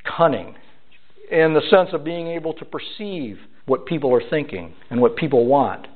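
A man preaching a sermon and explaining scripture with lively rhetorical questions to his listeners. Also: a little high, normal speed. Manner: animated, rhetorical questions to the congregation. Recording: tinny phone-like sound.

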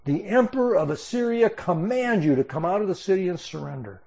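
A man voicing a boastful male Assyrian envoy who mocks and shouts at a besieged city, delivered as raised, declaiming scripture reading. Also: high-pitched, sing-song, unhurried, lo-fi sound, voice pushed up. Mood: commanding. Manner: taunting, declaiming, raised and forceful.

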